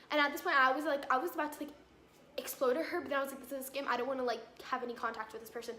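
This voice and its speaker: A woman's voice: high-pitched, fast talker, sharp tone, slight background noise. Exasperated teen girl telling a storytime. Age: teens. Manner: exasperated, filler-heavy retelling. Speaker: vlogger. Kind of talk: storytime vlog. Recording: roomy echo with faint ambience.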